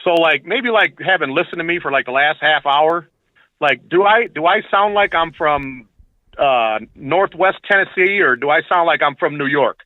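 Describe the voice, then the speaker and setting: Lively man on a tinny phone line. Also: fairly high pitch, moderate pace, no room sound. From Michigan. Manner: animated storyteller, acts out quotes. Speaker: phone-in guest. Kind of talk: casual chat.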